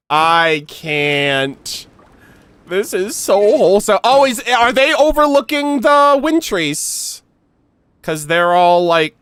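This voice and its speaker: Animated high-voiced male streamer. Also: slow, smooth. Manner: excitable, swears, gushes and laughs. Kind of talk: casual gameplay reaction, reading dialogue aloud.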